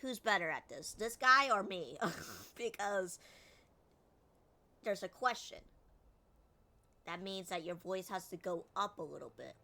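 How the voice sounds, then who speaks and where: A woman's voice: medium pitch, animated, unhurried, pauses often, pushed and bright. A woman streamer commenting on a game, chatty and acting out lines herself. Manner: chatty, critiques and re-reads lines.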